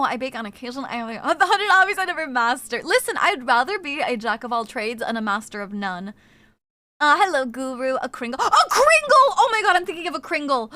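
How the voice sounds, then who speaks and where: A woman streamer chatting on a live stream. Her voice is high and bright, and it swings widely in pitch as she gets excited. She swears freely, reads out her chat, and sounds close to the mic in a dry space. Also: dry recording. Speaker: game streamer.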